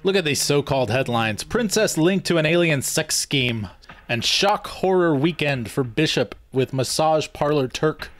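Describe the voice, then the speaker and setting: A man's voice: on the high side, lively intonation, measured pace, faint music behind, pitched above the performer's own voice. Man playing a bored, sarcastic young man. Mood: sarcastic, dismissive. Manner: dry, sarcastic, dismissive.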